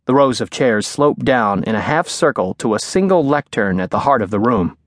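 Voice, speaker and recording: A man narrates a thriller in a steady, measured voice of middle pitch. His delivery is clear and composed, and the studio recording is dry and close, with no room echo. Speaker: audiobook narrator. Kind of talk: scripted narration. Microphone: studio microphone.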